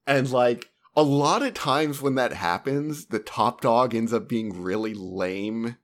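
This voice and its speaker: Relaxed man musing on a game. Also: medium pitch, slow. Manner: relaxed, thoughtful, with frequent short agreements. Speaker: podcast co-host. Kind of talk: casual chat about video games.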